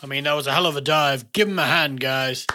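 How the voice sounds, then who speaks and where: A man's voice: medium pitch, fast talker, pushed and bright. A man playing a tabletop game, making dry, wry remarks. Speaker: player.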